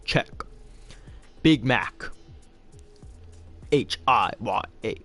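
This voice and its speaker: A man reads a book aloud at home for schoolwork, his voice sitting at an ordinary middle pitch. He keeps it loose and chatty and breaks off now and then to remark on the story. Faint music plays quietly behind him. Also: expressive, takes it slowly, long pauses. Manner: loose, chatty, stops to comment on the reading. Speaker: reader of a novel. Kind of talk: casual reading aloud for homework.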